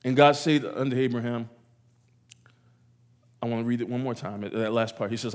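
A man's voice: medium pitch, a little fast. A man preaching a sermon to a congregation in a church, repeating phrases and acting out voices as he goes. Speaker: pastor.

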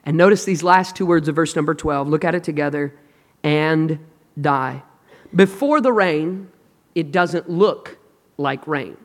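A male pastor preaching a sermon in a large auditorium. He speaks emphatically and swings between loud, dramatic lines and hushed ones, and calls on the congregation to respond. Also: on the high side, normal speed. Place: large auditorium with long reverb. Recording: long hall reverb.

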